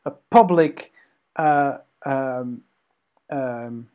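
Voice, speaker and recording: A man co-hosting a podcast in casual conversation, animated and halting, with many ums and restarts. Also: mid-range voice, smooth. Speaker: podcast co-host.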